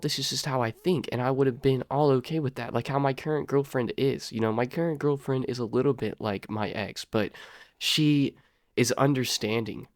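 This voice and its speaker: A young man spins a rambling personal story in loose slang, tossing in "dude" and "bro" and swinging from loud to hushed. His voice sits in an ordinary middle register, recorded close and dry with no room sound. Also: medium pitch, no room sound. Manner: lively, jumps between loud and quiet. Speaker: vlogger telling a personal story. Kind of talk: casual storytelling to camera.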